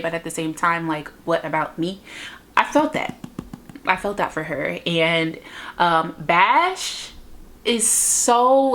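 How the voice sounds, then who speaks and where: A woman's voice: on the low side, a bit bright. A young woman chatting casually on her book channel, gushing and rambling with lots of fillers. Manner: chatty, gushing, lots of "like" and "you know what I mean". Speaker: book vlogger. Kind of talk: casual book review chat.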